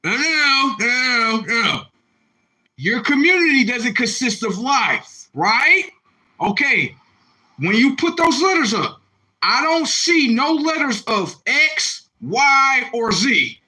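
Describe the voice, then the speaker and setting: A young man on a live stream, reacting to viewer comments in a confrontational, repetitive rant with loud outbursts. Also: extremely high pitch, sing-song, slow, rough recording. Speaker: livestreamer.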